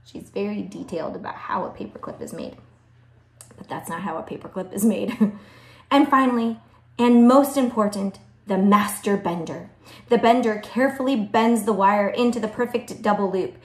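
Chatty woman reading a kids' chapter book aloud; mid-pitched, echoey room. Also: very animated, moderate pace, slight background noise. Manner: chatty asides, laughs at the text. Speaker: teacher reading to a class.

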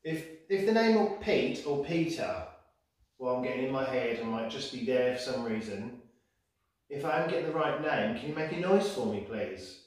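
A man on a paranormal investigation, talking in a hushed, uneasy way inside an old control tower. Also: medium pitch, animated, normal speed. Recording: echoey room, distant mic.

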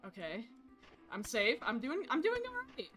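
A woman streaming a horror game, yelling and swearing at the characters and then dropping into quiet asides. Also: a little high, wildly swooping pitch, faint music behind. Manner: rapid swings to quiet asides.

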